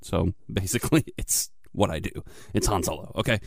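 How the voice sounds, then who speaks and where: A man's voice: low voice, a little fast, gravelly, dry recording, clean studio sound. A man rambling jokingly as he introduces his audition. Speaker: voice actor auditioning. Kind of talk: casual audition chat.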